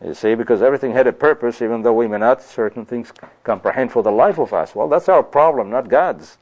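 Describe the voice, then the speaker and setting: A man's voice: medium pitch, fast talker, dull audio. A man preaching a sermon. He reads scripture aloud, comments on it emphatically, and keeps checking in with his listeners by asking "you see?". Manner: emphatic, rhetorical, often asks "you see?".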